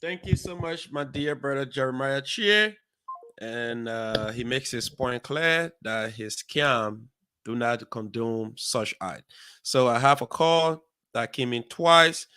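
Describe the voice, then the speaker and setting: A man hosting a call-in talk show, measured and steady, with many fillers. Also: medium pitch, clear, resonant tone, no room sound. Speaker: host.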